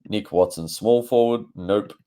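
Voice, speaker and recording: A man's voice: fairly low pitch, unhurried, mellow. A young man, talking casually to his channel with an offhand, chatty manner and frequent fillers. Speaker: fantasy football YouTuber. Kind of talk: casual talk to camera.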